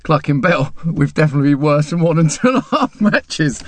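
A man's voice: fairly high pitch, animated, a little fast, a little hiss or hum. A man co-hosting a fan podcast, chiming in with teasing quips in casual chat. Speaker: podcast co-host.

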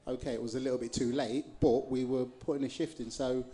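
A man's voice: mid-range voice, fairly even intonation, fast talker, warm tone. A man, a former footballer telling stories on a live podcast, laughing and repeating his words as he goes. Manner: chuckling storyteller, repeats words.

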